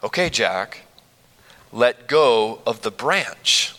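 A preacher voicing God, calm and firm. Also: male voice, mid-range voice, drawn-out words, long reverb tail, pitched below the performer's own voice, exaggerated voice. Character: calm, patient God speaking from above.

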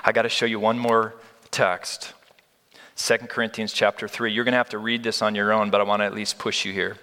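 A man preaching a sermon as a pastor, earnest and animated, often restarting his sentences as he works up his point. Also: lowish voice, fairly quick. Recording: long hall reverb.

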